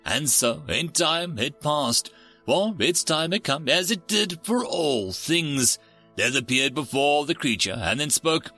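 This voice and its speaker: Slow, expressive male storyteller. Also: on the high side, faint music behind. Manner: theatrical, expressive. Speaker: story narrator. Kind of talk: scripted narration.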